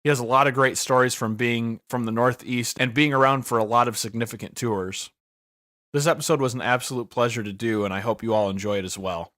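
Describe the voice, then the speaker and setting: A man's voice: mid-range voice, fairly even intonation, fairly quick, a bit bright, no echo. Podcast host guy reading his intro, plain mid voice, dry close sound. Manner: plainly read storytelling intro. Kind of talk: scripted narration.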